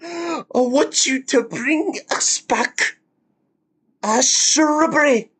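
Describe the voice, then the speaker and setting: An absurd, pompous knight makes solemn demands in a voice pushed very high, as a reaction streamer quotes the film. The line is delivered grandly and squeakily. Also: extremely slow, fairly bright tone, full character voice. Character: odd knight demanding a shrubbery.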